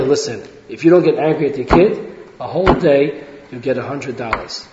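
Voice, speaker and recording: A man delivering a casual lecture with stories, his voice sitting slightly high for a man. He keeps asking rhetorical questions and tosses in "right?" as he goes. The recording is muffled and lo-fi, heard through long reverb in a large hall. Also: a little mellow. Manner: rhetorical questions, frequent restarts and tag "right?". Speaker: religious parenting lecturer. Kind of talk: informal lecture with anecdotes. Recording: echoey hall, dull lo-fi sound.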